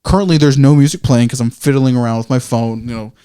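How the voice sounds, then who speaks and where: A podcast co-host with a smooth, dark, mid-range male voice talks quickly while telling a rambling story in casual chat. He corrects himself, swears freely and acts out his own reactions in quoted asides.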